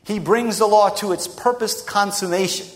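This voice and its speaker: A man preaching a sermon in an emphatic, rhetorical way with dramatic pauses. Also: high voice. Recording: long reverb of a large hall.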